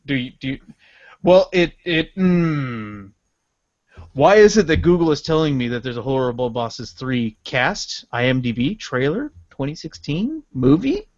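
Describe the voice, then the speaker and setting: A man's voice: on the high side, very animated, a little slow, a little mellow, dry recording. Sarcastic man with a muffled dry sound. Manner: sarcastic, rambling with frequent laughs. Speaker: podcast co-host. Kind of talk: casual comedic chat. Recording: muffled, dry podcast audio.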